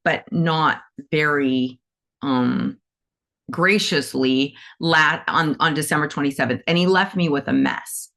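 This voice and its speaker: A woman's voice: sits low, a bit bright. A middle-aged woman teaching animal Reiki in a casual, chatty way, telling personal stories and acting out quoted voices. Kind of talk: casual talk to students.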